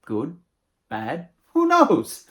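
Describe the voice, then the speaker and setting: A man voicing a calm, wise court doctor who speaks slowly and serenely. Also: a little high, pitched above the performer's own voice, full character voice. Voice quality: slow, measured, serene.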